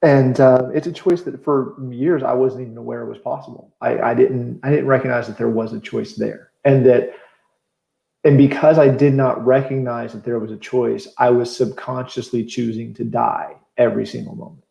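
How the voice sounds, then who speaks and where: A man co-hosting a casual interview over a video call, calm and thoughtful, affirming his guest. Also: medium pitch, moderate pace, gravelly. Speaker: co-host. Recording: roomy, dull lo-fi sound.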